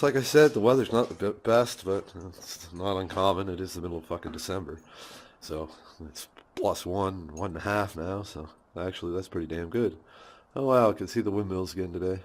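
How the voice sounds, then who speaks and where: A man's voice: low voice, a little hiss or hum. A man vlogging casually in his garage, swearing easily and chuckling as he talks into a handheld phone. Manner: swears casually, laughs often. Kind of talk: casual rambling vlog. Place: home garage. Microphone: phone camera held by hand.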